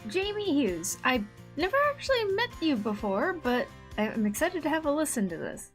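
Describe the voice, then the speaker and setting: Young woman artist, casual drawing chat, excitable, fangirling, lively higher voice, faint music. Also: moderate pace. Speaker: artist and video host.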